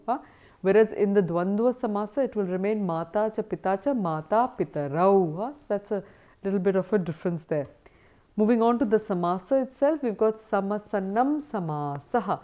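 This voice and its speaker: Woman teaching sanskrit grammar, recap lecture, sound's thin like a phone line. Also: medium pitch. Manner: mixes English with Sanskrit terms, checks in with "huh?".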